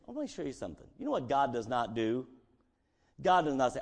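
A man's voice: medium pitch, big pitch swings, fairly quick. A male pastor preaching a conversational sermon and acting out scripture dialogue, in a church sanctuary.

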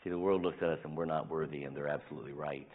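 This pastor talks very fast with fairly even intonation, his deep, husky voice still swinging between loud emphasis and hushed near-whispers. He preaches like a storytelling father figure, heard through thin, tinny, phone-like audio.

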